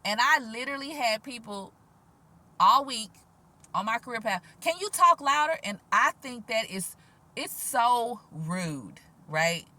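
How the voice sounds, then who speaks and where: Quiet-voiced sassy woman vlogger, bright tone, slightly high, casual and lively. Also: a little slow. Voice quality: quiet, gentle voice. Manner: animated, sassy, laughs often, soft-spoken. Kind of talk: casual spiritual vlog monologue. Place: outdoors.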